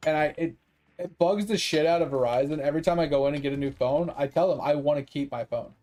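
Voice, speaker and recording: A man's voice: on the high side, fast, mellow, soft background music. Profane, rambling man streaming games. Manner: profane, rambling, laughs often. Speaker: gaming streamer. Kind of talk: casual chat with stream viewers.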